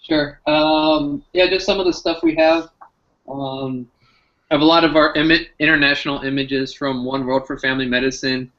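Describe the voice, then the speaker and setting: A man's voice: fairly high pitch, steady tone, moderate pace, a bit bright. A man, a physician guest, chatting in an upbeat way on a video call and showing items as he talks. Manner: upbeat, shows items while talking. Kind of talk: casual video-call chat. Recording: dull lo-fi call audio.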